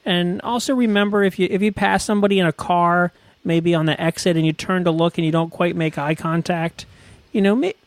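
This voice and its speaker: A man's voice: high voice, fairly even intonation, a little fast, no echo. A man playing an earnest stay-at-home brother on a comedy podcast, rambling, repeating himself and handing out homespun advice. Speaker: podcast guest.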